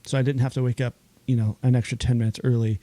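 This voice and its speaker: A man, a chef, chatting as a podcast guest, telling animated stories, acting out quoted dialogue and laughing often. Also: medium pitch, fast, no room sound. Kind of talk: casual interview chat.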